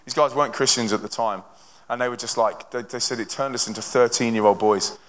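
A young man from a touring Christian band, telling stories to a church audience in an energetic, conversational way with lots of restarts. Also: medium pitch, brisk, a little hiss or hum. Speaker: touring Christian band member speaking to a congregation. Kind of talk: live testimony talk to an audience. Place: church hall with a live audience. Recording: long hall reverb from a large venue.

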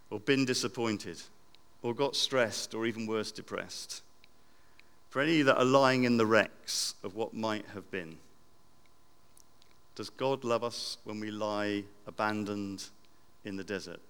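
A man preaching a sermon in a church, reflective, repeating phrases and swinging between loud and hushed. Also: on the low side, a little slow, pauses often, smooth. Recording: long church reverb.

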